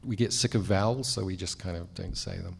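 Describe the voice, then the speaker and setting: Kiwi guy on a panel, lowish voice, wry and chatty, lots of ums. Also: fairly quick, vocal fry, breathy edge. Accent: New Zealand. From New Zealand. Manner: self-deprecating, wry, chatty with many fillers. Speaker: cartoonist guest on a panel. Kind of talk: panel conversation. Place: convention panel room.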